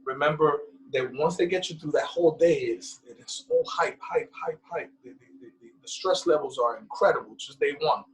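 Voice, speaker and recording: A man from the Bronx with a New York accent, telling stories in a casual interview and acting out the people in them with loud, high voices. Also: moderate pace, hardly any pauses, a little hiss or hum, rough recording. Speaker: guest. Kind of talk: casual storytelling in a podcast interview.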